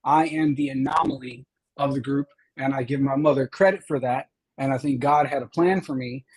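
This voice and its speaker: Husky-voiced man telling his story. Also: mid-range voice, normal speed, a little mellow, low-quality recording. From Chicago. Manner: earnest storyteller, acts out quoted teachers. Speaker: state representative guest. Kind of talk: interview conversation.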